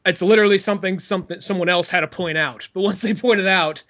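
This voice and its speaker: A man's voice: sits high, fast talker, fairly bright tone. A man co-hosting a podcast, talking casually in a loose, rambling way with swearing. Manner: rambling, swears, puts on silly voices. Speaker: podcast host. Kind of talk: casual chat.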